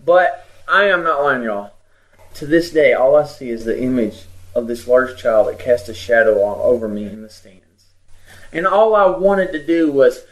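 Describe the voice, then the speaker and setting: A man co-hosting a comedy podcast, telling stories in an animated, exaggerating way. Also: medium pitch, moderate pace, low-quality recording. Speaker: podcast co-host. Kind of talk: comedic storytelling.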